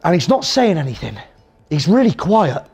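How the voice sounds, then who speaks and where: Guy spinning a funny yarn, high voice, laughing at his own story. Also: moderate pace, slightly rough. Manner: animated, self-amused storytelling. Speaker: comedian. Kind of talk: comic anecdote.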